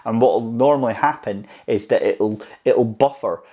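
A man's voice: mid-range voice, mellow. A man giving casual, encouraging tips on speaking to camera in a vlog. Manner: chatty and encouraging, speeds up and slows down for emphasis. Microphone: clip-on mic on camera tripod.

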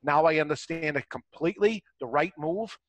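A man's voice: on the high side, moderate pace, a bit bright, no room sound. A man who runs a cigar shop, talking earnestly and reflectively as a guest on a talk show, often restarting his sentences. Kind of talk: conversational interview answers.

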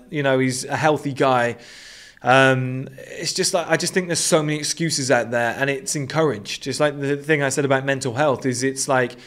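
Guy ranting, swears a lot, blunt and punchy, mid pitch voice. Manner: blunt, profane, emphatic. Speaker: host. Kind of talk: opinionated monologue.

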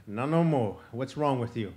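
A man voicing a big, lazy male black bear who talks loud, drowsy and boastful. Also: medium pitch, moderate pace, natural voice.

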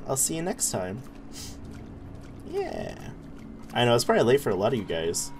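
A man streams a horror game at normal speed, his medium-pitched voice swooping wildly and broken by long pauses, with a little hiss or hum in the recording. Jumpy and casual, he chats with viewers, yelps at scares, laughs and swears.

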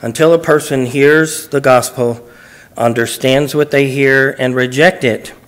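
A man's voice: mid-range voice, fairly even intonation, unhurried. A man, a pastor in church, teaching through a Bible passage verse by verse, reading each verse aloud and explaining it phrase by phrase in plain, conversational words.

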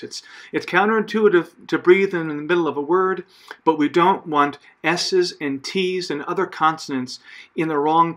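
A man's voice: a little high, a bit bright. A man as a choir director, giving patient spoken rehearsal notes with frequent fillers and self-corrections. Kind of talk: conducting rehearsal instructions.

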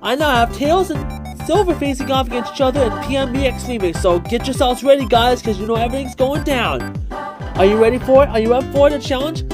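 A woman giving excited gameplay commentary, yelling at the screen over a match. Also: sits high, fairly quick. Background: game music.

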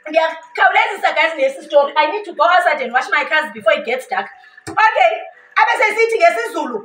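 A South African woman, a native Xhosa speaker, telling a storytime vlog in an animated way, switching languages and laughing often. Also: very high voice, fast, roomy sound, recorded from a distance, rough recording. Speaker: vlogger.

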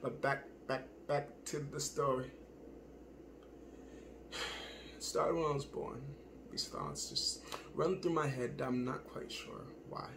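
A man's voice: medium pitch, steady tone, takes it slowly, long pauses, background noise. A man delivering an improvised spoken-word monologue, rambling and self-searching, with frequent swearing.

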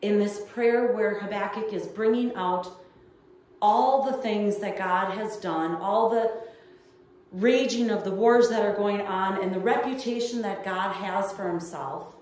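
A woman's voice: medium pitch, unhurried, darkish tone. A woman pastor delivering a midweek sermon, telling a personal story in an earnest, storytelling way. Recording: echoey room heard from far off.

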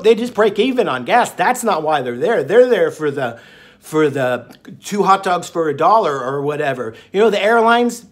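A man hosting his own diet channel, talking in a jokey, rambling way full of fillers and asides. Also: high-pitched. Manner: jokey, digressive, lots of fillers. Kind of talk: casual rambling monologue.

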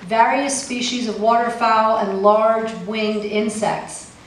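A woman's voice: on the high side, fairly even intonation, slow, slight background noise. A woman poet giving a live poetry reading with a wry, pointed delivery and casual asides between poems. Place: poetry festival venue. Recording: echoey room, mic far off, faint ambience.

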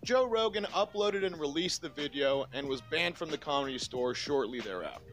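A man narrating a comedy history video in a measured, explanatory way. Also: a little high, expressive, fairly bright tone. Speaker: comedy commentary YouTuber. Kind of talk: scripted reaction narration.

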